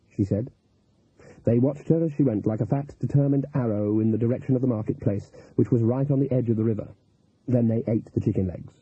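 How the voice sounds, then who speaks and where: Husky man narrating a story. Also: mid-range voice, fairly quick, no room sound. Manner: expressive, lively storytelling. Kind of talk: audiobook narration. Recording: tinny, phone-like, dry audio.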